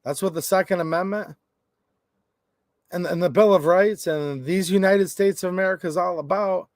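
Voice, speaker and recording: A man's voice: high-pitched, normal speed, dry recording, clean studio sound. Rambling man hosting a livestream. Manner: rambling, jokey, reads chat aloud. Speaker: gun rights channel host. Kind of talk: casual livestream chat.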